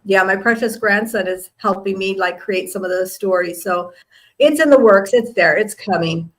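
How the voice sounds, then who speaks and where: A woman's voice: mid-range voice, normal speed, a bit bright, rough recording. A middle-aged woman hosting a live interview show, speaking in an effusive, chatty way and full of praise for her guests. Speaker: host.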